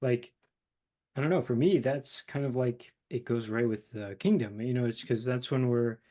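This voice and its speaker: A young man hosting a casual philosophical conversation, talking haltingly with many fillers as he searches for words. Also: medium pitch, steady tone, dark tone. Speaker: host.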